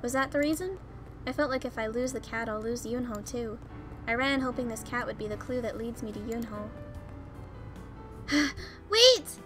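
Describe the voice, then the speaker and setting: A woman with a high, light voice reads a visual novel aloud, narrating the story and voicing its dialogue with open emotion. Quiet game music plays faintly behind her. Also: brisk. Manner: expressive, emotional dialogue reading. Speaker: let's play host.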